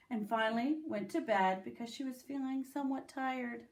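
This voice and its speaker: A woman reads a children's storybook aloud in an unhurried, expressive voice. Her pitch sits a little high and swoops widely. She gives the characters their own small voices. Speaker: teacher reading aloud.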